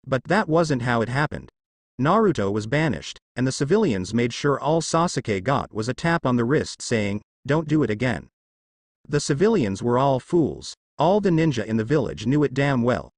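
A man narrating a fan fiction story with steady storytelling. His pitch moves in a lively way, and the recording is close and dry with no room sound. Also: moderate pace, dry recording. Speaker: story reader.

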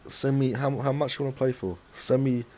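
A man's voice: mid-range voice, steady tone, a little fast, mellow, a little hiss or hum. A young man streaming a fighting game, trash talking his viewers and daring them to wager. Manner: cocky trash talk to chat. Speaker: gaming streamer. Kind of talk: live game stream commentary.

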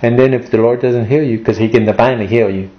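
A man's voice: medium pitch, steady tone, fast talker, muffled recording. A male pastor preaching an emotional sermon, repeating his points and reading scripture aloud.

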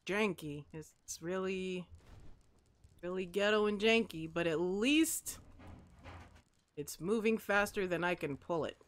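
A woman commentating as she plays a video game, talking to the objects on screen and swinging between mopey asides and excited outbursts. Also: fairly low pitch, takes it slowly, long pauses. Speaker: gamer. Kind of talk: let's play commentary.

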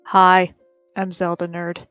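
A woman's voice: fairly low pitch, monotone, slow, smooth, no room sound, muffled recording, soft background music. Friendly Canadian woman player. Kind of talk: casual stream chat.

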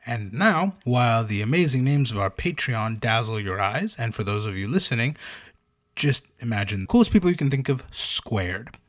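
A man co-hosting a podcast in an easy conversational tone. His voice sits at a middle pitch, and he tells his stories with lively bursts of energy when he reaches the punchlines. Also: normal speed. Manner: storytelling, animated bursts for punchlines. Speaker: podcast co-host. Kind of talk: casual podcast chat.

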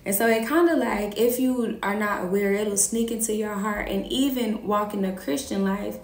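A woman talking casually about faith as host, animated and slangy, laughing often. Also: medium pitch, moderate pace, reverberant. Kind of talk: casual faith talk to camera.

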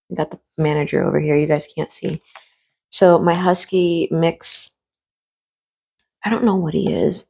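Rambling, hushed woman mukbang vlogger. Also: low-pitched, fairly even intonation, a little slow, gravelly, pauses often, husky. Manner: rambling, filler-heavy, sometimes swears; speaks in a hushed tone while eating. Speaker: food vlogger and streamer. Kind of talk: casual mukbang chat.

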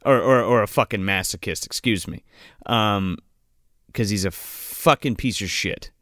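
A man's voice: lowish voice, unhurried, fairly bright tone, no echo, clean studio sound. A man co-hosting a casual movie podcast, rambling and swearing freely, often laughing mid-sentence. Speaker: podcast co-host.

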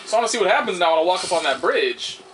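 A young man with a high, bright, sharp voice talks through a video game in a loose, rambling way. He grumbles and swears in frustration. Faint game sound hums behind him. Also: sing-song, very fast, a little hiss or hum. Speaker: gameplay commentator. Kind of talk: casual let's-play commentary.

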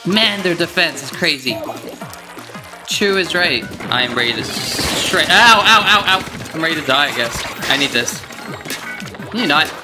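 Excitable let's play gamer over game music. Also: medium pitch, unhurried. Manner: excitable, yelps and groans at game events. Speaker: gaming video creator.

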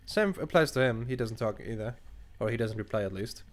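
Young man, non-native English, gaming commentary, animated, swearing, mid pitch. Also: brisk. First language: not English. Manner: animated, swearing, thinking aloud while reading choices. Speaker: gaming channel host. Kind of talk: casual let's play commentary.

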